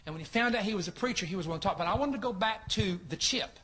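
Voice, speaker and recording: A man preaching a sermon, telling a story in an animated way and acting out the dialogue of the people in it. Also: sits high, rapid-fire, slight background noise. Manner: animated, acts out reported dialogue.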